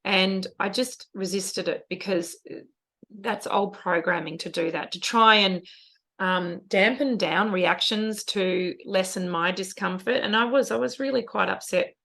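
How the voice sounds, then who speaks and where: A woman's voice: mid-range voice, measured pace, fairly bright tone. A middle-aged woman, co-hosting a casual podcast chat, talking earnestly and emotionally about parenting. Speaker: podcast co-host.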